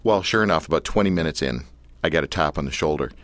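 Man, radio host, bright forceful tone, dry close sound, chatty storyteller. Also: very deep voice, expressive, fast, no echo. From Canada. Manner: chatty storyteller, acts out quotes. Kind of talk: casual radio chat.

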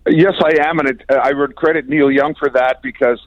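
A man's voice: medium pitch, steady tone, brisk, dry recording. An older man from Canada, a guest musician, telling chatty stories in an interview and often chuckling. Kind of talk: casual storytelling interview. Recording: dry, dull lo-fi sound.

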